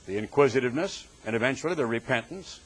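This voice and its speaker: A man's voice: medium pitch, animated, quick pace, breathy edge. A man preaching a Bible exposition sermon, emphatic, drawing out key words and rising on rhetorical questions.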